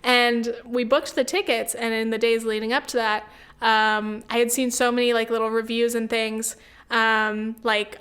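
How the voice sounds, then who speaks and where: Chatty young woman, smooth voice. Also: on the high side, level tone, normal speed, fairly bright tone. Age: 20s. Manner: chatty, swears freely, full of "like" and "um". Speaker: podcast host. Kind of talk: casual solo podcast chat.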